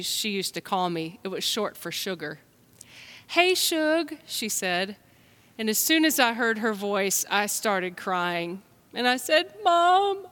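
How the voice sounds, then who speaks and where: A woman from the United States, a pastor telling a children's story and preaching a sermon in a gentle storytelling manner. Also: medium pitch. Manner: gentle, storytelling, speaks straight to listeners.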